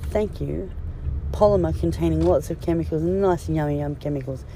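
A woman's voice: low-pitched, a little fast, dark tone, a little hiss or hum. A woman vlogging casually on a phone from a car and a clinic, blunt, joking and full of swearing. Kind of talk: casual vlog chat.

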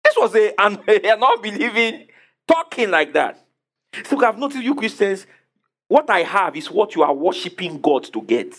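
Male preacher, high and very animated, emphatic, fires rhetorical questions at the congregation. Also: normal speed. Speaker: pastor. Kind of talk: sermon.

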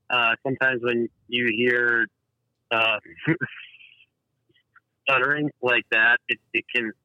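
A man's voice: medium pitch, no room sound. Stuttering man on a dull, dry call. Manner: stutters, halting with repeated words. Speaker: guest, pedal designer. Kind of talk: casual interview. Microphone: remote call.

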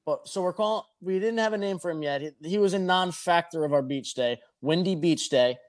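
A man's voice: a little high, a little fast. A man telling a rambling, profane anecdote in a casual chat. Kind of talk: casual storytelling.

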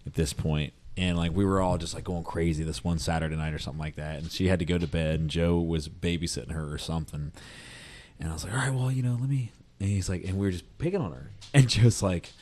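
Man podcast co-host, lowish voice, rambling anecdote teller, says "like" constantly. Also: fast, darkish tone. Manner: rambling, laughs often, many likes. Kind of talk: casual chat.

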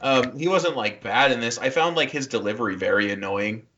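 A man on a casual film review podcast who rambles and defends his takes with plenty of likes. His voice is bright and forward. The audio is slightly dull. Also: medium pitch, a little fast. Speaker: podcast co-host.

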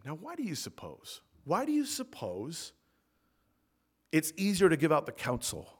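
A man preaching a sermon as pastor in a church, swinging between loud emphatic peaks and soft low asides. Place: church sanctuary.

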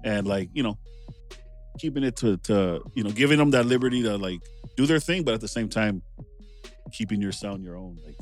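A man with a fairly low voice hosts a relaxed conversation. He asks long, meandering questions packed with "you know" and "like". Faint music sits under him. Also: brisk. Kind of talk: casual podcast chat.

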